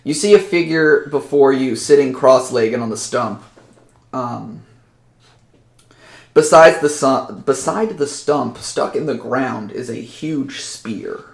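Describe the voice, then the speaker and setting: Man, game master, relaxed narration, gravelly, roomy sound. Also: mid-range voice, slow. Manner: relaxed descriptive, many fillers.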